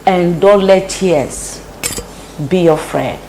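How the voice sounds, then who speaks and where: Slow, preachy woman cooking. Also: lowish voice, warm tone, slight background noise, rough recording. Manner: preachy, repeats phrases for emphasis. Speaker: host. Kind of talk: casual cooking vlog talk. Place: home kitchen, indoors.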